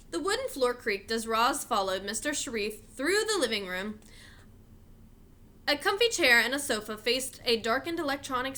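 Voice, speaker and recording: A woman reading a children's novel aloud, her voice bright and high. She tells the story in an expressive, animated way with a lively, swinging pitch. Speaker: reader.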